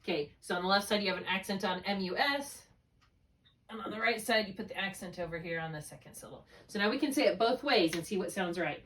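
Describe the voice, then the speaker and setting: A woman's voice: mid-range voice, quick pace, a bit bright, distant mic. A woman tutoring a student one on one, explaining spelling rules patiently step by step and checking often that it makes sense. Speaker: reading tutor.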